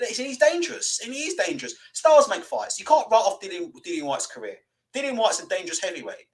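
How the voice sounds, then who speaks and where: A man's voice: high-pitched, sing-song, fairly quick. A man hosting a boxing livestream, ranting, swearing and reading out viewer comments, with mocking put-on voices. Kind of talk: live-stream rant and comment reading.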